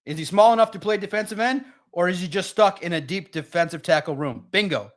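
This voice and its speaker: A man's voice: sits high, a little fast. A man hosting a live sports stream, talking casually and with energy straight to his chat viewers. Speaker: sports livestream host.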